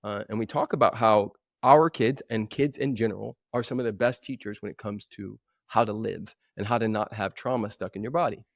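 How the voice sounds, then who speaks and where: A man in his forties, a coach talking as a guest in a podcast interview, telling stories with animated energy and acting out other voices. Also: lowish voice, a little fast, vocal fry, hardly any pauses, dry recording, studio quality. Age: 40s. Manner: animated storyteller who acts out voices.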